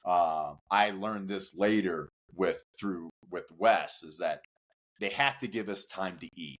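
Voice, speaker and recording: A man guest on a podcast, telling a rowdy story casually, with lots of "like" fillers, cursing and acted-out shouts. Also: deep voice, a little slow. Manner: animated, profane, many "like" fillers, acts out shouts.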